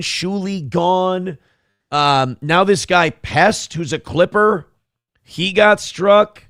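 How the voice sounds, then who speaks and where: A man's voice: high-pitched, gravelly, fairly bright tone, no echo, studio quality. A man hosting a live stream, ranting profanely and sarcastically while reading the chat. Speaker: live show host.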